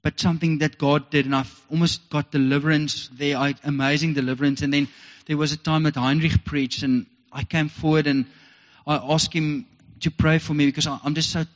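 A man's voice: a little high, little pitch movement, brisk, few pauses. A South African man preaching a sermon as pastor, earnest and heartfelt, repeating his points. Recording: dull lo-fi recording with long reverb.

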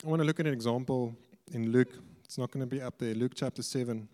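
A man's voice: mid-range voice, quick pace, dark tone. A man preaching a sermon with earnest emphasis, often repeating words as he works through a point. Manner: earnest, stumbles and repeats words when explaining. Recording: reverberant hall.

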